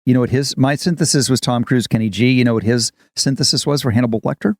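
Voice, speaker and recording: A man in his fifties, an actor co-hosting a podcast, chatting casually as an animated storyteller. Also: mid-range voice, fast, no room sound, studio quality. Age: 50s. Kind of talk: casual chat.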